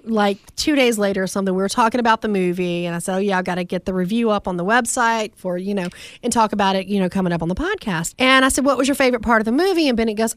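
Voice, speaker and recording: A woman's voice: medium pitch, quick pace, dry recording. A woman with a Southern US accent co-hosting a podcast, telling family stories in a casual chat and laughing often. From American South. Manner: animated storyteller, laughs often. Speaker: podcast co-host.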